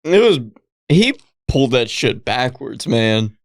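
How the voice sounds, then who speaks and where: A man's voice: mid-range voice, very animated, slow pace. A man co-hosting a podcast in casual film chat, laid-back and joking, laughing often. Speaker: podcast co-host.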